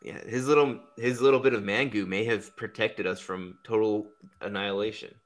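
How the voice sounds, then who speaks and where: A man's voice: fairly low pitch, steady tone, moderate pace. A man hosting a podcast, rambling through crude, profane comedic banter and laughing at his own jokes. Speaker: podcast host.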